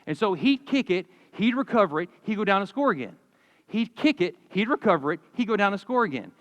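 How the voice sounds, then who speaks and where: A man in his forties preaching a sermon, telling stories in a lively, conversational way with humor. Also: high-pitched, brisk, long reverb tail. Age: 40s. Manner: animated storytelling, conversational with humor. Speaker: pastor. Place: church sanctuary.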